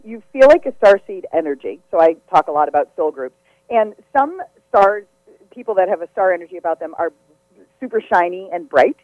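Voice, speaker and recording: A woman's voice: lowish voice, dry recording. Casting: chatty woman psychic medium on a radio call-in, effusive and giggly, close dry studio mic, slightly muffled broadcast sound. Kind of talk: casual live radio readings.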